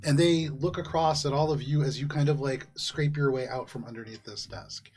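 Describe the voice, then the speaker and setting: A man's voice: mid-range voice, moderate pace, husky. Laid-back man running a tabletop game. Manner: relaxed, with frequent ums and laughs. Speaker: game master.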